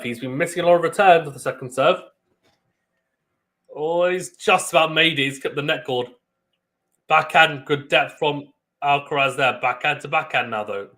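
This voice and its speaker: A young man hosting a live tennis watchalong, giving excitable play-by-play with sudden bursts of loud surprise and chatting with viewers. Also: a little high. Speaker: watchalong host.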